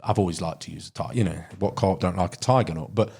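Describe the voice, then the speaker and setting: A man's voice: sits low, quick pace, creaky, darkish tone, husky. A middle-aged man with an English Midlands accent, chatting casually as a podcast guest and telling rambling anecdotes full of ums and "you know". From Derbyshire, England. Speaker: podcast guest, carp angler. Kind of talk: casual podcast chat, storytelling.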